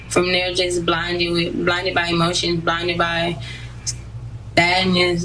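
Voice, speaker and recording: Flat-toned, bright-voiced woman in an interview. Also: lowish voice, distant mic, slight background noise, low-quality recording. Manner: measured and earnest, speaking of hurt. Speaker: athlete interviewee. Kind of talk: broadcast interview.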